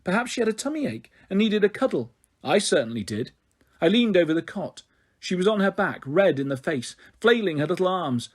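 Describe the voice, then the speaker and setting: A man reading a children's novel aloud in an expressive storytelling manner. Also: high voice, fairly quick, breathy edge. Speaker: story reader.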